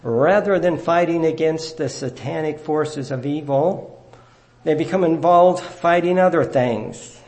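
Gravelly-voiced man preaching. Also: fairly high pitch, darkish tone. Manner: measured, earnest teaching delivery. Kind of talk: sermon.

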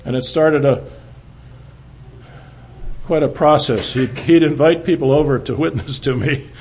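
Older man giving halting testimony. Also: a little hiss or hum. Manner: halting storytelling, frequent restarts, drops low and quiet. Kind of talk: personal testimony to a church.

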